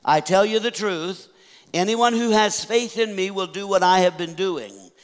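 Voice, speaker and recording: High-voiced pastor preaching in a hall. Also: male voice. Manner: reads scripture aloud, slows for emphasis. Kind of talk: sermon. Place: church sanctuary. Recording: church hall reverb.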